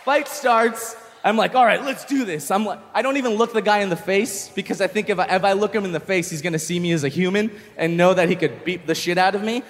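A young man doing a stand-up comedy set, telling a story with animated delivery and shouted punchlines. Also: high-pitched, fast talker, few pauses, long reverb tail, a little hiss or hum. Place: comedy stage with live audience.

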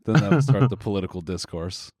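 Deadpan man with dry dark humor. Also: fast talker, no echo. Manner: deadpan, dark jokes, drops low and quiet for asides. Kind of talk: casual chat.

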